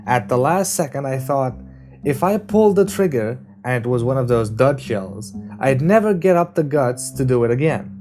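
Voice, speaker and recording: A wisecracking, restless young man with a sarcastic edge, as a male reader puts him on, his voice lifted and loud. He talks in a mid-range male pitch. Guitar plays clearly underneath. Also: animated, moderate pace, close to an everyday voice. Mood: wry. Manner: sarcastic, joking, louder and higher. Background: guitar music.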